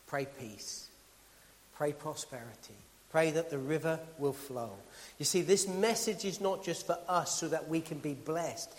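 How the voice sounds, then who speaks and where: A man preaching a sermon in a church hall. He builds with rhythmic, emphatic repetition and then drops to quiet asides. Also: a little high, a little slow. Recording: long hall reverb.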